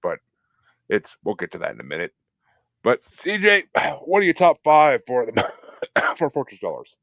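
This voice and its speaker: A man hosting a podcast in casual chat, telling stories in a profane, animated way and acting out his own reactions. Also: mid-range voice, normal speed, vocal fry, no echo. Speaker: podcast host. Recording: dull, dry lo-fi sound.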